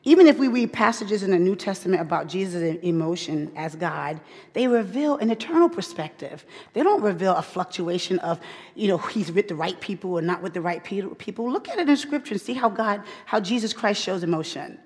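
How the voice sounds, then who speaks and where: A woman teaches a sermon to a women's audience in a medium-pitched, husky voice, fairly quick and animated. She repeats her key phrases and swings from loud emphasis to hushed asides, with long hall reverb around her.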